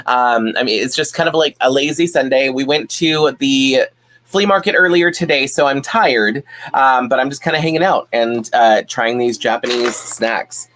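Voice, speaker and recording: Male streamer at home, mid-pitched, relaxed, rambling chat with lots of "um"s. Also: moderate pace. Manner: chatty, rambling, frequent fillers and restarts. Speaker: live-stream host. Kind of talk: casual live-stream chat, reading comments.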